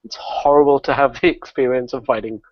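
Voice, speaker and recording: A man, a guest on a gaming podcast, telling a story in a profane, excitable way and laughing often. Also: mid-range voice, a little fast, no echo. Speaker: guest gamer. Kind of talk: casual podcast chat. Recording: dull lo-fi podcast audio.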